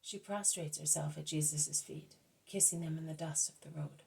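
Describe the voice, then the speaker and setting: A woman reading a devotional book aloud at a careful, measured pace, now and then correcting herself. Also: low voice, steady tone, vocal fry, a little mellow, poor audio. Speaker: audiobook reader.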